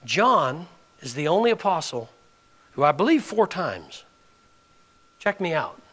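A man's voice: a little high, big pitch swings, a little slow, fairly bright tone. A man, preaching a sermon as pastor, building emphasis and asking the congregation direct questions.

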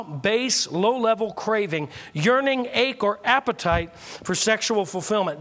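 A man's voice: high voice, fairly bright tone. A male pastor preaching a sermon, joking with and teasing the congregation through call-and-response.

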